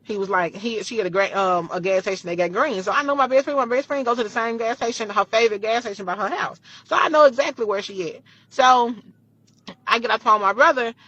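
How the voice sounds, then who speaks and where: A woman vlogger casually retelling a personal story, animated and full of profanity. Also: a little high, fast, dry recording, dull audio.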